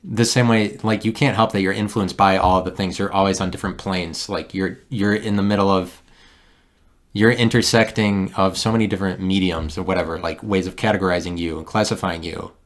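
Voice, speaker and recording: A man hosting a solo podcast, talking in a meandering, halting way with many restarts and a wry, self-mocking streak. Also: sits low, steady tone. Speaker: podcast host. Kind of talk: rambling solo podcast monologue.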